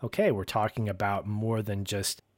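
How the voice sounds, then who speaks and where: Recapping a TV episode with his co-host, a man chats casually and performs the characters' dialogue with animation. His pitch is fairly low and his speed normal, in a studio-quality recording with no room sound.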